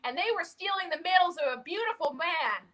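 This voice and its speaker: Canadian woman stand-up, high bright voice, brash and blunt podcast guest. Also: lively intonation, fairly quick, rough recording. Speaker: guest comedian. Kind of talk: casual podcast chat.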